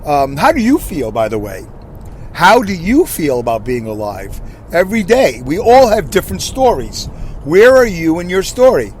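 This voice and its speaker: A man's voice: fairly high pitch, huge pitch swings, normal speed, a little mellow, slight background noise. A man in his sixties hosting a casual solo podcast from his car, rambling and correcting himself, and asking listeners questions. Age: 60s. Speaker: podcast host.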